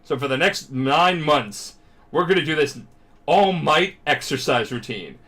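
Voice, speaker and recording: A grown superhero mentor gives a hearty, reassuring pep talk, as a drunk man puts him on. The voice stays close to the man's own, slightly lowered and softened. It sounds casual and unpolished. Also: expressive, unhurried. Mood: encouraging. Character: grown male superhero mentor, gruff and encouraging.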